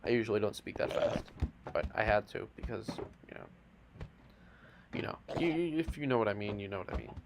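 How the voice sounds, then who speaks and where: Narrating a game series on a noisy home mic with clicks, a man with a fairly low voice and vocal fry speaks fairly quickly and animatedly. His playful, mock-dramatic commentary comes with teasing asides to the audience.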